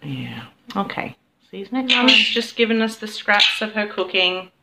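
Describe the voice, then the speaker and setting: A young woman chatting casually to her pet parrots, cooing and doting, often laughing softly as she films them. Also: mid-range voice, very animated, normal speed, creaky, very noisy. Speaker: vlogger and pet bird owner.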